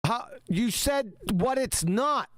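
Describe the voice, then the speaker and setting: A man speaks slowly and sarcastically on a live stream, his pitch rising and falling widely as he mocks what he is reacting to. The sound is very dry and close. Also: expressive, a bit bright, no echo. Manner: sarcastic, insulting. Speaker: live show co-host. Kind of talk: mocking live commentary on a video.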